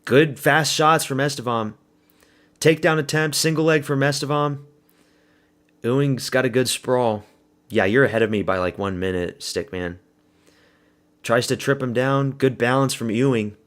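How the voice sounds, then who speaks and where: At a medium pitch and normal speed, with long pauses and a fairly bright tone, a man streams a fight watch party. He keeps the commentary casual, answering viewers and cursing freely as he calls the action.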